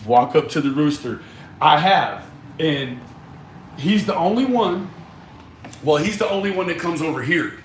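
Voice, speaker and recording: A man chatting casually with viewers on a livestream, animated and joking, swearing and laughing often. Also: a little high, unhurried, pauses often, slight background noise. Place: outdoors in a backyard.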